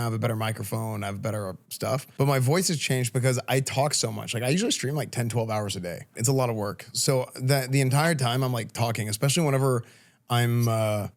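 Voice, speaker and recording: A young man from Texas, a streamer talking casually to a school class and answering questions in an informal, chatty way full of restarts. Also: medium pitch. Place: classroom, indoors.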